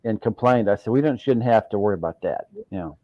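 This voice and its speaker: A man from Oklahoma co-hosting a casual live chat, easygoing and quick to agree. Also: on the low side, animated, no room sound, lo-fi sound.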